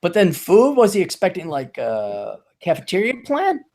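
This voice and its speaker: A man's voice: high voice, huge pitch swings, moderate pace, darkish tone. A man hosting a podcast, chatting casually and reading a news story aloud with sarcastic asides. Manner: sarcastic, mocking, laughs at the story. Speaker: podcast host.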